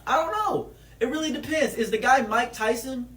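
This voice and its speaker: A man improvising absurd comedic answers in a deadpan, rambling way with lots of fillers. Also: very high voice, normal speed. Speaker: comedy creator answering questions.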